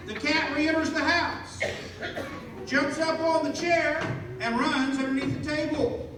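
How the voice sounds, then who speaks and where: A woman's voice: high voice, steady tone, measured pace, noisy background. A woman narrating a comedy skit and directing the actors, with playful asides to the audience, heard from far off in a hall with a crowd. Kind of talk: reading a skit script aloud and directing actors. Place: large hall with a live audience.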